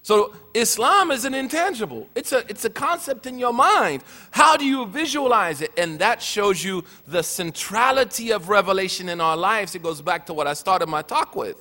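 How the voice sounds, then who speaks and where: A man's voice: sits high, expressive, normal speed, hardly any pauses, pushed and bright. A man giving a teaching talk at a religious gathering, mixing joking asides with earnest points, in a hall with a long echo.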